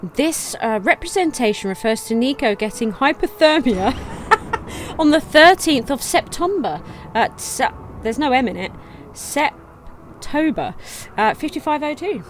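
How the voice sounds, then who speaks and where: A woman casually commenting on her gameplay, reading game text aloud in a chatty way with sudden excited outbursts. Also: high-pitched, moderate pace, hardly any pauses, slight background noise. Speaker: let's play gamer.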